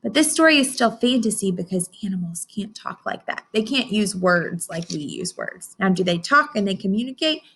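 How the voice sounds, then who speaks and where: A woman teacher reading a picture book aloud to children, stopping to ask them questions and gently explain. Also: mid-range voice, expressive, normal speed, few pauses, slightly rough.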